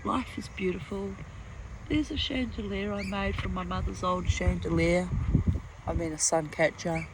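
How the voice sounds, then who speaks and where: Blunt, gravelly older woman. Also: lowish voice, steady tone, normal speed, noisy background. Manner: blunt, profane, emphatic storytelling. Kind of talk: casual vlog monologue. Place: outdoors in a garden under a tree.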